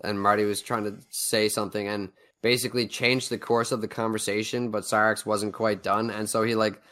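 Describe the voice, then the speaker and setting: A man's voice: fairly low pitch, level tone, a little fast, fairly bright tone. A young man co-hosting a podcast in casual chat, laid-back and agreeable, often trailing off. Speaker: podcast co-host.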